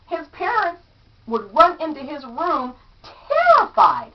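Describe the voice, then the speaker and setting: A woman reads a children's story aloud, slow and unhurried, her voice rising and falling in a lively, sing-song way as she acts out each line. She sounds a little high for a woman. The recording is dull and lo-fi, caught from some distance off the mic. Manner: animated, acts out character lines. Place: home room among her statues.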